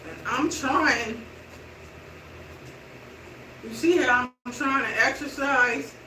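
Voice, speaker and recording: A middle-aged woman chats casually to her viewers, taking slow steps while she exercises indoors. Her voice sits away from the camera in a roomy space, with clear background noise all around. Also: sits high, pushed and bright. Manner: chatty, slow walking while talking. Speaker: vlogger. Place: indoor room with hardwood floor. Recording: roomy, distant and noisy room sound.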